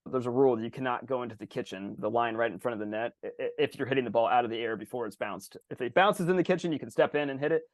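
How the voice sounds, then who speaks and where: A man co-hosting a podcast in casual chat, animated, swearing freely and acting out other people's voices. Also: medium pitch, racing, hardly any pauses, no room sound, clean studio sound. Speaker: podcast co-host.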